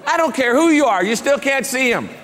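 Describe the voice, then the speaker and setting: A woman's voice: high voice, animated, a little fast, a bit bright, pitched above the performer's own voice. A man voicing a brusque, unbending female head nurse who curtly refuses a visitor. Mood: stern. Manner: curt, dismissive refusals.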